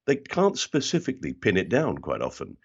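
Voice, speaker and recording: Older london guy, real low voice that jumps all over, chatty storyteller, bit muffled audio. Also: fairly quick, slightly rough. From South London. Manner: animated storyteller who slips into other people's voices. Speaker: interview guest, actor and voiceover artist. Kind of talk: casual interview chat.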